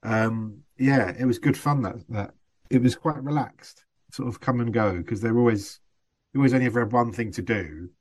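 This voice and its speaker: A man's voice: medium pitch, normal speed. A man, a guest actor, chatting casually on a podcast in a self-deprecating way, often laughing and trailing off.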